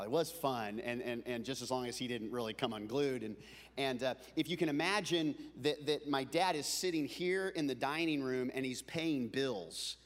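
A man preaching a comic storytelling sermon, animated and building up to shouting. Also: medium pitch, in a large hall. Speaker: pastor.

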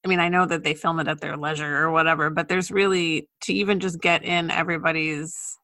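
Relaxed woman recapping casually. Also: sits low, fairly quick. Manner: relaxed storytelling, trailing off, filler words. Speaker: podcast co-host. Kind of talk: casual chat.

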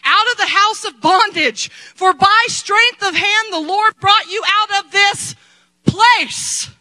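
Middle-aged lady pastor preaching, really high bright voice, gets loud then goes quiet. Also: slow pace, low-quality recording. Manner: impassioned, swings between shouting and quiet asides. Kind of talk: sermon.

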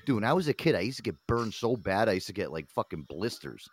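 A man's voice: on the low side, big pitch swings, quick pace, a crowd in the background. A man hosting a podcast, chatting casually with frequent swearing and laughter. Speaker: podcast host. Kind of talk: casual chat.

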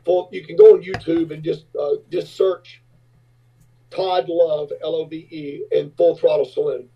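A husky man tells his stories with gusto and jumps into high squeaky voices for the people in them. His voice sits a bit high for a man, and the audio sounds dull and lo-fi. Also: unhurried. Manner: animated storyteller, acts out other voices in high pitch. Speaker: rock singer and businessman, guest. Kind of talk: casual interview storytelling.

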